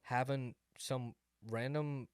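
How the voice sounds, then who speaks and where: A man's voice: medium pitch, fairly even intonation, slow pace, clear, resonant tone, no echo, clean studio sound. A young man, co-hosting a podcast and telling a rambling story that leans on "like". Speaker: podcast co-host. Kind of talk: casual chat.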